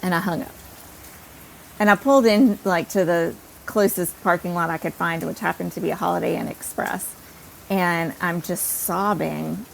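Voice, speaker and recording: A woman podcast host telling a personal story in an animated, self-deprecating way. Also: fairly low pitch, moderate pace, gravelly, slight background noise, rough recording.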